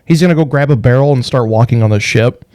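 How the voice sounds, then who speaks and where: A man playing a tabletop game, loudly declaring his character's actions. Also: medium pitch, quick pace, dry recording, clean studio sound. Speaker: player.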